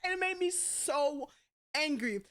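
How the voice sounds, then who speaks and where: A woman's voice: sits high, expressive, unhurried, fairly bright tone. A young adult woman streamer in casual chat, blunt and rambling, cussing freely. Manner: blunt and heavy on profanity; rambling with frequent restarts.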